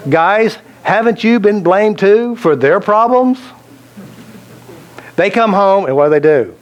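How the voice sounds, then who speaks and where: A man's voice: high voice, expressive, unhurried, muffled recording. A man teaching a self-help seminar, telling anecdotes and joking, asking the audience questions. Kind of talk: live seminar talk to an audience.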